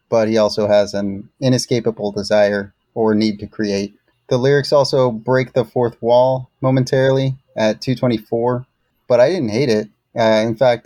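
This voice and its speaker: A man with a lowish voice co-hosts a song review podcast. He reads his scores in a dry, measured way. The recording is very dry, with no room sound. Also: a little mellow, no room sound. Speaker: co-host reviewing songs.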